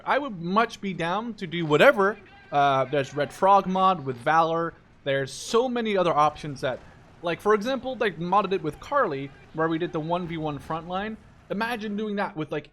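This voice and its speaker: A man's voice: on the high side, fairly bright tone. Chatty young man rambling over gameplay. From Netherlands. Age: 20s. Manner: rambling, chatty, swears casually. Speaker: gaming YouTuber. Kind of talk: casual gameplay commentary. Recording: faint game noise and artillery behind.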